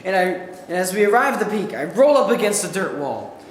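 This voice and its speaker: Speaking fast in a voice that sits high, a young student runs through a memorized comic monologue. He acts out quotes with animated shouts, and the school hall gives off echo and faint background noise.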